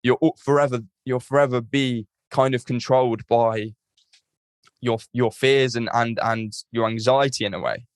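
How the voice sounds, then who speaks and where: Man, podcast host, mid-pitched, reflective, lots of fillers, dry mic. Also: moderate pace, clear, resonant tone, no echo. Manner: thoughtful, many fillers and restarts. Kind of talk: reflective conversational interview.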